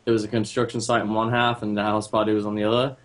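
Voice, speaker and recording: Low-voiced man in casual, swearing chat. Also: little pitch movement, fast. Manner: casual, swears often, many fillers. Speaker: podcast co-host.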